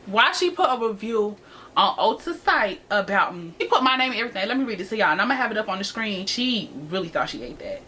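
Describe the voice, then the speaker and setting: A woman's voice: medium pitch, fast, slight background noise. Sassy eighteen-year-old woman telling a story. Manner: animated, sassy, addresses viewers as y'all. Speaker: vlogger. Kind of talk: storytime vlog.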